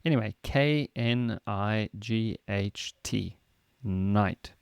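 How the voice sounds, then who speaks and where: Gravelly older man, joking host. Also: medium pitch, unhurried, darkish tone, a little hiss or hum. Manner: jokey, spells words letter by letter. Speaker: podcast co-host. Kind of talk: casual educational chat.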